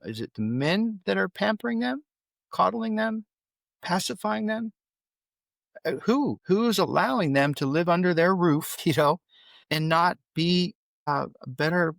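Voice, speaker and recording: A middle-aged father, a podcast guest, telling candid stories in a blunt, animated way that rises when he gets worked up. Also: fairly high pitch, vocal fry, no room sound.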